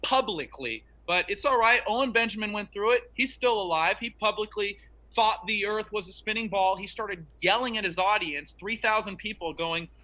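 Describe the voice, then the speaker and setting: A man's voice: high-pitched, moderate pace, sharp tone. A man arguing in an online debate, insistent and preachy as he makes his case.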